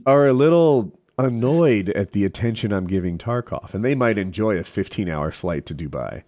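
A man's voice: fairly low pitch, lively intonation, normal speed, mellow, no room sound, studio quality. A young man streamer chatting casually with friends, rambling and laughing often. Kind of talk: casual chat.

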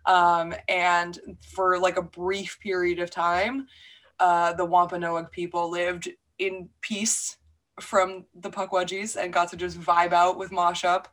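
Bright, sharp-toned woman as podcast host; laid-back, profane storytelling. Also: on the low side, level tone, slow. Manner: laid-back storytelling, swears freely, laughs often. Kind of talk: casual chat.

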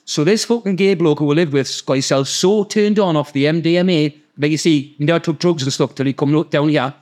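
A man with a Geordie accent, hosting a podcast and telling a story in a sweary, animated way. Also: fairly high pitch, fairly quick. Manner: sweary, animated, acts out the people in his stories. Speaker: podcast host. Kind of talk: casual storytelling.

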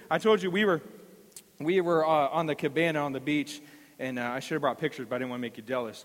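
Male pastor, high voice, sermon, emphatic repeats, long hall reverb. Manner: storytelling preacher, emphatic repetitions.

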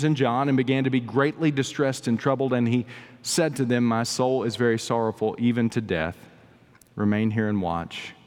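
A man preaching a sermon as pastor, with dramatic swings between soaring emphasis and hushed, drawn-out lines. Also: mid-range voice. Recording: long reverb of a large hall.

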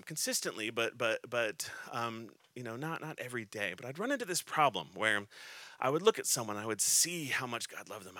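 A man in his thirties preaching a sermon in a conversational, halting way, with restarts and touches of humor. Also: medium pitch, pushed and bright, no echo.

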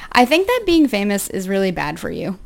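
An American woman in relaxed podcast banter, answering with dry, teasing quips. She laughs easily and keeps the chat on track. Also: medium pitch, a little fast, creaky. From United States. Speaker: podcast co-host. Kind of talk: casual chat.

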